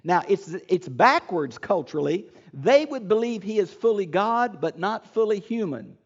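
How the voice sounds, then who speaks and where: A man's voice: high-pitched, big pitch swings, moderate pace, slightly rough, muffled recording. An older man giving an earnest, emphatic Bible lecture as a teacher, often restarting his phrases.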